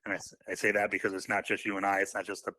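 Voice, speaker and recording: Low monotone guy talking quick and earnest, bright dry sound. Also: husky, dry recording. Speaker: podcast co-host. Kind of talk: casual podcast chat.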